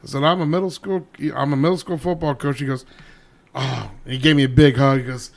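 A man's voice: mid-range voice, fairly quick. A man who coaches middle school football, telling a story in casual chat and acting out the quotes. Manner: animated storyteller, acts out quotes.

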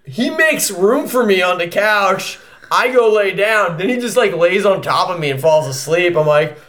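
A man's voice: sits high, moderate pace. A young man telling a profane story in a casual podcast chat, acting out the voices of people in it. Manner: animated, profane, acts out voices in his story.

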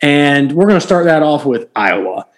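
A man co-hosting a sports podcast in casual chat, animated and full of fillers and restarts. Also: fairly high pitch, moderate pace, a crowd in the background. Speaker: podcast co-host.

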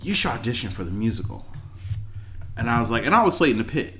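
A man's voice: mid-range voice, fast, soft background music. A man in casual chat, telling a personal story and acting out the voices of the people in it. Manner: lively storyteller, acts out quoted voices.

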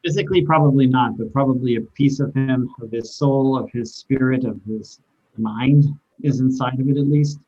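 A man playing a tabletop role-playing game, relaxed and joking in casual chat. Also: mid-range voice, moderate pace, breathy edge, muffled recording. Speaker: player.

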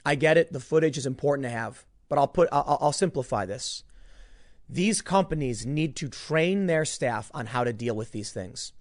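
A man's voice: mid-range voice, lively intonation, moderate pace. A man hosting a commentary show, ranting in an emphatic, exasperated way and repeating words as he heats up.

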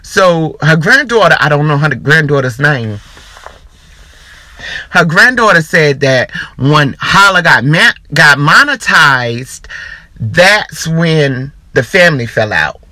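A man's voice: fairly high pitch, big pitch swings, slow, pushed and bright, no echo. A man hosting his own podcast, chatting casually and animatedly, breaking into hard laughter. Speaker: podcast host. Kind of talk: casual chat.

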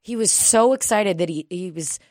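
A woman tells a rambling story in a casual chat, swearing freely and laughing as she goes. Her voice sits a little low. The sound is dry and close. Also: normal speed, a little mellow, dry recording. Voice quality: profane, laughs often.

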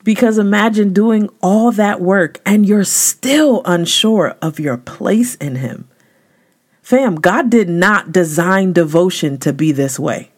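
Emphatic woman host giving a devotional talk. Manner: emphatic, conversational, slangy, with sudden rises in pitch. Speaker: podcast host.

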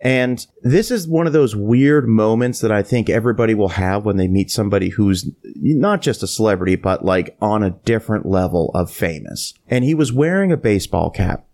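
Animated male podcast host telling a story. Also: lowish voice, normal speed, gravelly, hardly any pauses. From Florida. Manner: animated anecdote-telling, acts out quoted lines. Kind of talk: casual storytelling.

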